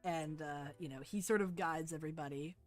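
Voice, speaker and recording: A woman's voice: deep voice, brisk, soft background music. Young woman rambling as game master. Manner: casual, rambling, many fillers like "like". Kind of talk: narrating a tabletop game.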